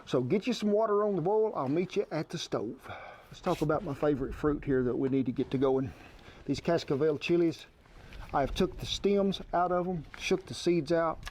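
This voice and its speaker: A man's voice: a little high, moderate pace, a little mellow. A man hosting a cooking show, walking through a recipe in a folksy, homespun drawl.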